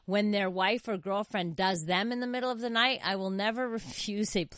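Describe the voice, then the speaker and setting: A woman's voice: medium pitch, steady tone, moderate pace, a bit bright, no room sound, clean studio sound. A middle-aged woman hosting a casual panel chat, frank and laughing often as she reads listener texts. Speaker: host.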